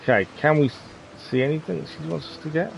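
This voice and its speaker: A man's voice: fairly high pitch, fast, gravelly, slight background noise. A man casually chatting while streaming a game, chatty and laughing often. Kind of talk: casual live-stream commentary.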